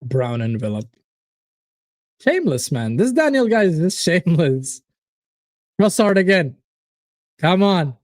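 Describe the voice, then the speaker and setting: A man hosting a live football watchalong, reacting to the match and chatting to viewers in an excitable, casual way. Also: fairly high pitch, a little slow, long pauses, dry recording. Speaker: watchalong host. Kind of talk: live fan reaction commentary.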